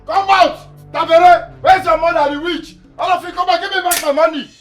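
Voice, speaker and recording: An actor with a Nigerian accent playing a furious jilted young man who shouts and repeats his demand for his money back. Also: very high voice, fairly even intonation, a little fast, recorded from a distance. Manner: shouting, repetitive ranting. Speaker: angry suitor demanding money. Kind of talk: Nollywood film acting. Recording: echoey room with film music.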